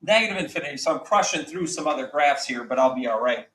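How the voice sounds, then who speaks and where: Math teacher guy lecturing a class, bit high voice, echoey room, mic kinda far off. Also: quick pace. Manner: energetic, quizzing the class with repeated questions.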